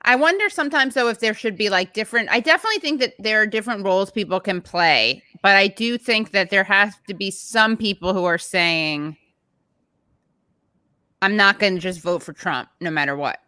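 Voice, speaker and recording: Hosting a political podcast over a video call, a woman chats casually but hesitantly, searching for words with lots of fillers and restarts. Her medium-pitched voice is animated, sharp, and clean, at a normal speed with no echo.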